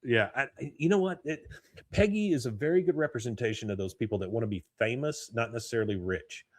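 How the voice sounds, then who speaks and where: A man's voice: mid-range voice, fast talker, dry recording, clean studio sound. A man hosting a podcast, recapping an episode in casual chat and acting out the characters' lines. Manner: animated retelling, voicing characters' lines. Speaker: podcast host.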